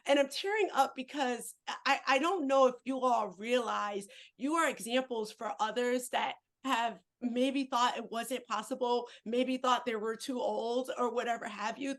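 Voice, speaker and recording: A woman hosting a podcast interview, emotional and tearing up, talking warmly with many fillers and restarts. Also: fairly high pitch. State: choked up, tearing up. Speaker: podcast host. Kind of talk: conversational interview.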